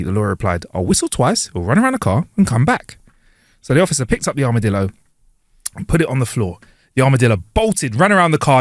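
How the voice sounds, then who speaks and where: A man trading jokes on a podcast with a lively, swooping voice, recorded dry and close on a clip-on mic. He acts out each character in the jokes and keeps breaking into laughter. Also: medium pitch, no echo. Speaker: podcast co-host. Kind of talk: casual joke-telling chat. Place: home studio. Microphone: wireless clip-on mic.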